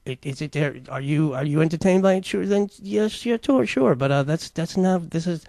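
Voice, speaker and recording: A man's voice: a little high, lively intonation, normal speed, vocal fry, warm tone, no room sound. A man hosting a talk show, commenting casually on clips and rambling with many fillers and restarts.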